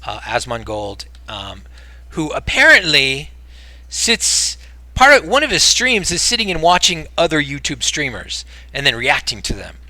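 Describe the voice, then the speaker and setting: American male streamer, casual rambling chat, exasperated outbursts, fairly high voice. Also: huge pitch swings, measured pace, no echo. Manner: rambling, swings between mumbling and loud exasperated outbursts. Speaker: game streamer.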